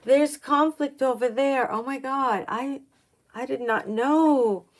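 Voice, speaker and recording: Woman doing a live tarot stream, kinda high voice, slow and halting, lots of gasps and oh my gods. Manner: halting and excitable, many gasps and "oh my God"; restarts sentences, thinks aloud. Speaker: tarot reader on a livestream. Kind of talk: live-streamed tarot reading, chatting with viewers.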